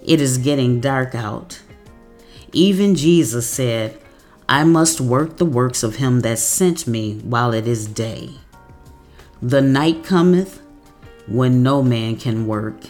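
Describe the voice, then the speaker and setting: A woman giving a devotional message, reading scripture verses slowly and deliberately. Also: a bass voice, darkish tone, soft background music. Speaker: devotional speaker.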